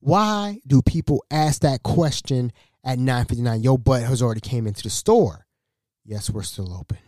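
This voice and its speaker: A man hosting a podcast, telling a workplace story in an animated, slangy way and acting out the dialogue. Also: mid-range voice, normal speed, dry recording, studio quality. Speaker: podcast host.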